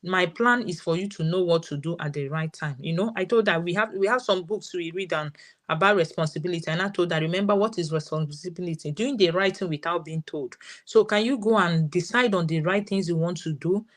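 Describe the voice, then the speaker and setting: A woman's voice: lowish voice, fairly quick. Nigerian-accented mother telling a story. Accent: Nigerian English. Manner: storytelling, quoting her daughter's words. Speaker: parent guest sharing her experience. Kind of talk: live session testimony.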